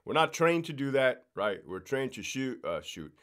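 A man in ordinary mid-range pitch who worked as a prison guard, talking shop in a loose podcast chat. He is blunt and swears freely. He checks in with his listeners by tagging his points with "right?". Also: sing-song, normal speed, fairly bright tone, clean tone. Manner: blunt and profane, explaining rules with lots of swearing. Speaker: former correctional officer.

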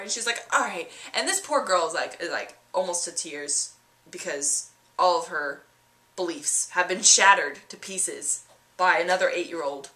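A woman tells a comic story with a lively, swooping pitch and a sarcastic edge. Her voice is bright and crisp. The room around her adds a noticeable echo. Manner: animated, sarcastic, with acted-out voices. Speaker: vlogger. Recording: roomy echo.

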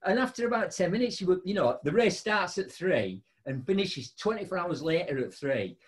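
A man hosting a show, telling a funny story in a casual chat, laughing often. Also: normal speed. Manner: animated, laughing storyteller with big pitch jumps. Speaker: podcast host.

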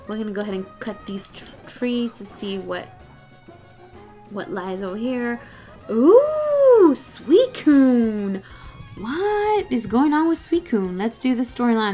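A young woman chatting excitedly through a let's play, groaning and laughing at the game. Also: medium pitch. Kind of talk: casual gameplay commentary.

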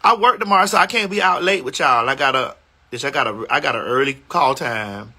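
A woman's voice: a bass voice, animated, a little fast, sharp tone, slightly rough. A woman hosting a casual phone livestream from a hotel room, sassy and playful as she chats back to viewer comments. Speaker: livestream host.

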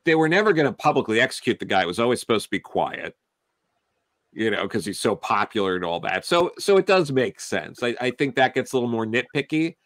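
A man in a casual film review chat, rambling through his points with lots of restarts and fillers. His voice sits at an ordinary middle pitch. It is recorded close and dry, with no room sound. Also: very animated, a little fast, a bit bright, no echo.

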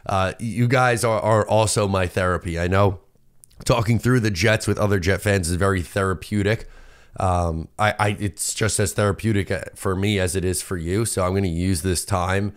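A young man from Long Island, hosting a casual sports podcast and venting in a lively, self-interrupting way. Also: low-pitched, normal speed, clean tone. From Long Island, New York. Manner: animated, venting, self-interrupting with repeated words. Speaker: podcast host.

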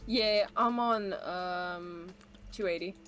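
A woman's voice: mid-range voice, slow pace, fairly bright tone, soft background music. A young adult woman streaming a game, chatting casually and goofing around with silly sound effects and jokes. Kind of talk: casual gaming chat.

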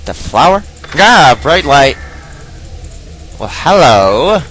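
Excitable, goofy gameplay commentator man. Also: medium pitch, moderate pace, pauses often, a little hiss or hum. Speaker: let's play host.

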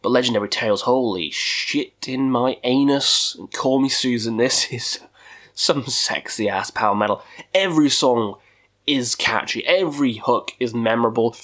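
A man's voice: medium pitch, normal speed, a bit bright. Guy ranking metal albums on his channel, swears a lot, goofy jokes, medium voice. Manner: profane, goofy, jokey asides. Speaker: metal music YouTuber. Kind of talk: casual video countdown.

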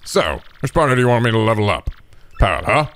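A man's voice: mid-range voice, expressive, fast, a bit bright, pitched below the performer's own voice, lightly acted. A man voicing a pompous, grandiose male wizard in a game. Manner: grandiose, haughty. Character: pompous male wizard who levels up partners.

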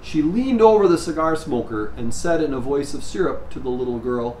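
A male priest giving a sermon, telling a story in an unhurried way with measured pauses. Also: medium pitch, lively intonation, darkish tone. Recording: echoey room, faint background noise.

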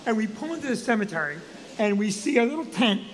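A comedian co-hosting a live show, telling an animated, profane story and shouting his punchlines. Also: high voice, fast, in a large hall, slight background noise. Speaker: comedian and co-host.

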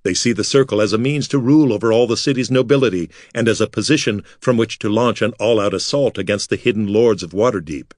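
A man's voice: on the low side, fast, hardly any pauses, darkish tone, dry recording, clean studio sound, natural voice. A man voicing an angry half-orc warrior who talks in a fierce, bitter, spitting way. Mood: fierce anger.

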